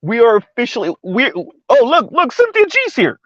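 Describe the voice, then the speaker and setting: A man hosting a live-stream commentary show, talking in an animated, incredulous way, repeating words and restarting sentences. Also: very high-pitched, normal speed, no room sound, highs cut off.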